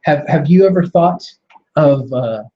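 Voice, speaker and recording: A man's voice: on the high side, expressive, measured pace, highs cut off. A man hosting a live wrestling radio show, chatting casually with a guest, laughing often and keeping things moving. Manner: laughs often, easygoing, wraps up segments. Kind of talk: casual interview chat.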